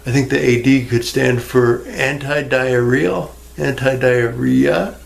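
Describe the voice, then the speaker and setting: A man's voice: medium pitch, steady tone, slow, vocal fry. A man ranting to the camera in a rambling, sarcastic way, swearing freely and answering an imagined viewer. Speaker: vlogger. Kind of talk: rambling casual rant to camera.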